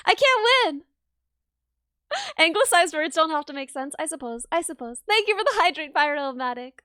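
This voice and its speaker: A woman's voice: high-pitched, bright, forceful tone, no echo, studio quality. A woman streamer chatting casually with her viewers, giggling often in a bubbly, self-deprecating way. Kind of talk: casual livestream chat.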